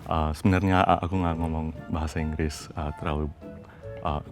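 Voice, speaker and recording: A man's voice: extremely low pitch, flat delivery, fast talker, music in the background. A man asking curious questions in a casual group discussion. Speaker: panel participant.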